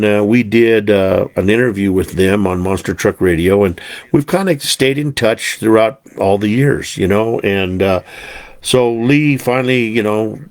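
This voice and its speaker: A man hosting his own podcast in casual chat, rambling and folksy, with many fillers and restarts. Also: lowish voice. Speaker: podcast host. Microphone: desktop podcast recorder mic.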